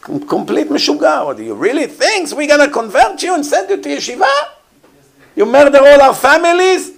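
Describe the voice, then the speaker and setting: A man voicing an indignant rabbi who scoffs in rapid, exasperated bursts. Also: on the high side, darkish tone, natural voice. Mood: scoffing. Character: incredulous indignant older male rabbi.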